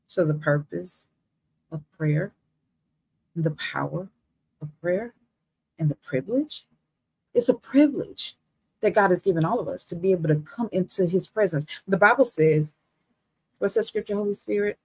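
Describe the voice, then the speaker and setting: Husky woman sharing a faith testimony. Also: lowish voice, normal speed, pauses often, no echo. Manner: candid, conversational, lively storytelling. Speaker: Christian beauty vlogger.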